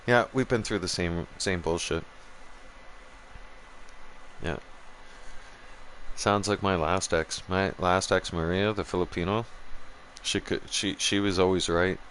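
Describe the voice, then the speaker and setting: With a deep, fairly bright voice, the streamer speaks slowly and pauses often while profanely ranting to viewers during a game. A little hiss or hum can be heard.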